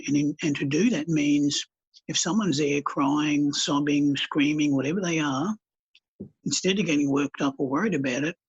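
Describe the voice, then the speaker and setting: A counsellor speaks with a calm, earnest manner. His voice sits fairly high for a man, gravelly and husky. The recording is dull and lo-fi. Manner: calm, earnest storytelling with blunt colloquial words. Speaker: counsellor and healer guest. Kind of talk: conversational podcast interview. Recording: dull lo-fi podcast audio.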